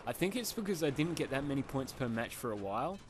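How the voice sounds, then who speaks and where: A man's voice: mid-range voice, very animated, fast. Young Australian man, slight lisp, sniffly, self-deprecating rambling gamer commentary, faint background noise. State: sniffly from hay fever. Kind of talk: casual gameplay commentary.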